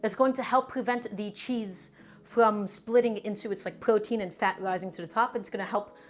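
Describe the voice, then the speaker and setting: A woman's voice: medium pitch, fairly even intonation, moderate pace, soft background music. A woman chatting casually through a live cooking stream, emphatic and talking to her viewers as friends.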